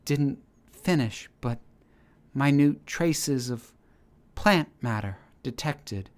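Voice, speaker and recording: A man's voice: medium pitch, pitched above the performer's own voice, lightly acted. A man voicing a scratchy damaged female AI. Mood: strained. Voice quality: scratchy, trembling. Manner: halting, broken-up phrases. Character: damaged female ship AI, weak and strained. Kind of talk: storybook reading.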